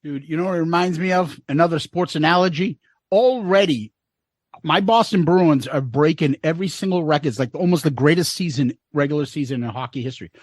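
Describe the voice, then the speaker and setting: A man's voice: a little high, brisk, no room sound, studio quality. A man co-hosting a podcast in casual chat, ranting and swearing, often mocking others in silly voices. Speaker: podcast co-host.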